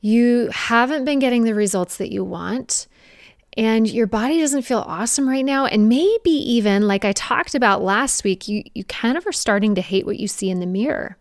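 Upbeat woman coaching, bright and dry. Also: on the high side, normal speed, no echo. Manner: energetic, conversational, playful with mocking asides. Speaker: fitness coach. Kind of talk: direct-to-camera coaching talk.

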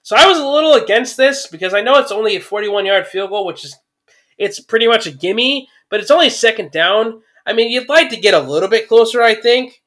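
A man giving a casual, chatty recap of a football game, getting excited at big plays and using lots of fillers. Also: high voice, fairly quick. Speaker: sports commentator.

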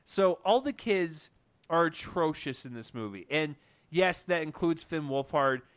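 A man with a fairly high voice, co-hosting a casual film review chat. He tells stories animatedly and drops exasperated asides, full of restarts and fillers. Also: animated, measured pace, fairly bright tone. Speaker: film review podcast co-host.

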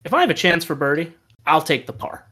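Animated man telling stories, lots of laughter. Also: fairly high pitch, fast talker, breathy edge. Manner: animated storyteller, laughs often, swears casually. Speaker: podcast co-host. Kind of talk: casual chat.

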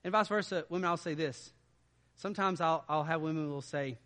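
A man preaching a sermon in a conversational way, dropping to quiet asides and rising to loud emphatic stretches. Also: a little high, fairly even intonation, fairly quick, big-room sound. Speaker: pastor.

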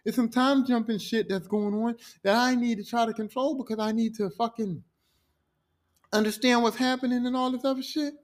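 A man's voice: very high voice, fairly even intonation, moderate pace, voice pushed up. A man voicing a scheming male trickster god who pleads in a frantic, rambling way. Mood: flustered.

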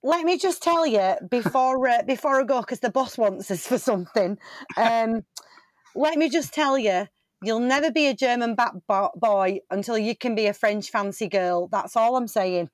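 A woman's voice: on the high side, moderate pace, no room sound, clean studio sound, lightly acted. A woman improvising a bossy veteran baker who confidently makes up facts and swears. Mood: cocky. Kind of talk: improv comedy scene.

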